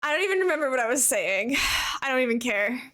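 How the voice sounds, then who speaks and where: A woman game streamer chatting casually with viewers while she plays, chatty and quick to giggle. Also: high-pitched, very animated, sharp tone. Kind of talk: casual live-stream chat while playing.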